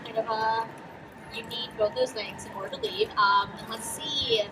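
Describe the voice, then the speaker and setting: Loud music and a noisy crowd surround a teenage guest actress as she answers questions on an auto show stage, giggling and bubbly, with plenty of fillers. Her pitch is fairly high, her speed normal, and the mic sits far away.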